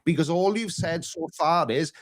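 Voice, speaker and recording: A man's voice: fairly high pitch, normal speed. A Welsh man co-hosting a heated live debate, blunt and exasperated, swearing as he presses his questions. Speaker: co-host debating a guest.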